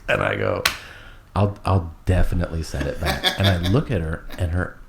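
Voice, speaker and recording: A man's voice: sits low, sing-song, takes it slowly, vocal fry, pauses often, background noise. A man telling a long, rambling, profane story in casual chat, acting out every quote.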